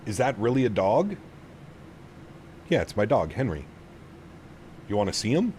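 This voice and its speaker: A man talks his way through a live flight sim stream, reading chat aloud and fussing over his dog. His voice sits low but swings around a lot. A faint hum runs under it. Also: sing-song, normal speed, a little mellow.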